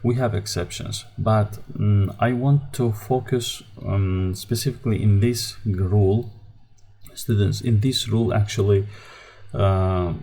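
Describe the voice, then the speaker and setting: Male teacher, husky, low voice, slow and halting, mellow tone. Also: steady tone. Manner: slow, halting explanation with many fillers. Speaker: language teacher. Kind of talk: language lesson.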